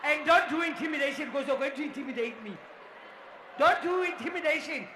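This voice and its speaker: Bright, shouting woman MC. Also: high-pitched, quick pace, slight background noise. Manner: loud, repetitive, often shouting to the crowd. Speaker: event MC. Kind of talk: live crowd hype and welcome speeches. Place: indoor sports dome.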